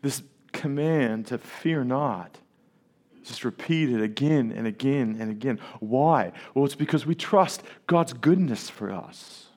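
A man delivers a sermon as pastor, his voice sitting in an ordinary middle pitch. He presses the congregation with rhetorical questions as he preaches. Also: unhurried, a little mellow.

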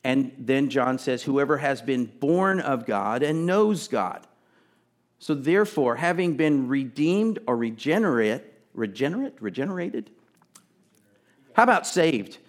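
A man's voice: medium pitch, expressive, measured pace. Man preaching a conversational sermon. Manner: conversational preaching with asides and emphatic repetition. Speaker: pastor.

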